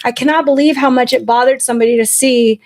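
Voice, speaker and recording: A woman's voice: high voice, fast talker. A woman in her forties, a podcast host telling candid stories in casual chat, blunt and profane. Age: 40s. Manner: blunt and profane, animated storytelling.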